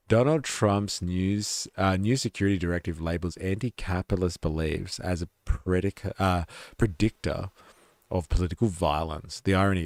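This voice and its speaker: Australian male streamer, deep and gravelly, relaxed swearing commentary, dry close sound. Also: no echo. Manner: relaxed, swearing, reacting to clips with laughs. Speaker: live stream host. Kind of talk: casual live-stream commentary.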